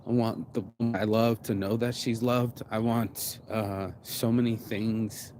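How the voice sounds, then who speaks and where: A man's voice: fairly low pitch, little pitch movement, a little slow, darkish tone. A man from Las Vegas talking to camera in a heartfelt, rambling motivational monologue, swinging between sighs and emphatic outbursts. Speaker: vlogger. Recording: noisy ambient background.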